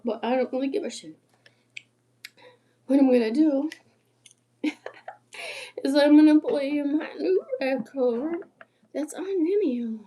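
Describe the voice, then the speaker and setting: A woman in her sixties rambling casually on a late-night livestream, her voice hoarse and tired, often sinking to a whisper, swearing freely and laughing between phrases, picked up by an iPad. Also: sits high, warm tone. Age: 60s. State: hoarse after illness. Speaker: musician livestreaming.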